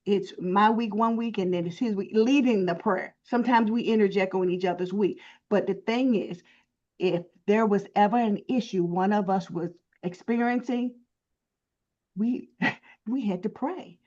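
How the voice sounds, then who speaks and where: A woman's voice: mid-range voice, measured pace, a little mellow. A woman guest in a casual chat, talking earnestly and with emphasis. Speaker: guest author. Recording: dull lo-fi audio.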